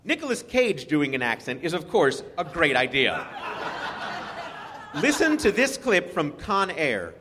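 A man hosting a comedic quiz show, wry and quick to laugh. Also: a little high, huge pitch swings. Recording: reverberant stage with faint noise.

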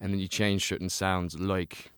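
A man, a guest actor on a comedy panel show, explaining things in a relaxed, rambling way. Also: sits low, normal speed, clean tone, no echo, studio quality.

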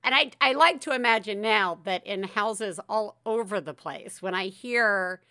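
Woman podcast host at home, bright voice, dry sound, lively and chatty. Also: medium pitch, unhurried, clean tone, dry recording. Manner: animated, laughs often, shouts quoted lines. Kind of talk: casual podcast chat.

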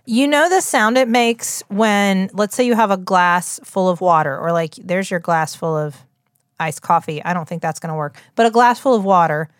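A woman's voice: fairly low pitch, normal speed, clear, resonant tone, dry recording, clean studio sound. A woman from West Virginia with a West Virginia accent, co-hosting a podcast in a rambling, chatty way, full of fillers and restarts. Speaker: podcast co-host. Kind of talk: casual chat.

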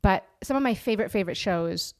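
A woman comedian chatting as a podcast guest, telling animated stories and laughing often. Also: mid-range voice, fast, no room sound, clean studio sound. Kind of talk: casual conversation.

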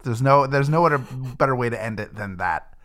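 A man's voice: medium pitch, expressive, fairly quick, a bit bright. A man hosting a podcast, joking and wrapping up the episode in a casual chat. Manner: jokey, wraps up the show. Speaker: podcast host.

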